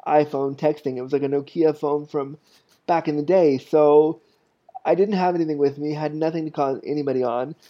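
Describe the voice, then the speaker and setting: A man in his thirties with a fairly high voice tells a story on his podcast, candid and self-deprecating, looping back over his words. The sound is muffled and lo-fi. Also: steady tone, moderate pace. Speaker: podcast host. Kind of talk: casual storytelling.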